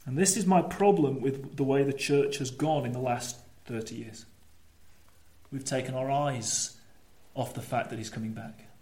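A man preaching a sermon, animated, swinging between lively storytelling and low, emphatic asides. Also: moderate pace. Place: church. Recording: echoey church room.

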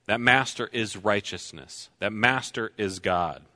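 A man preaching a sermon, slow and deliberate, repeating key lines for emphasis. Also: fairly low pitch, bright, forceful tone.

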